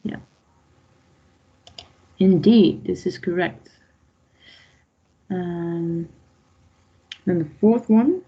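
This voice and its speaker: A woman's voice: on the low side, drawn-out words, pauses often, breathy edge. A woman teaching a beginner's online language lesson, patiently explaining grammar and asking the class for answers. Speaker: Dutch teacher. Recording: dull lo-fi online class audio.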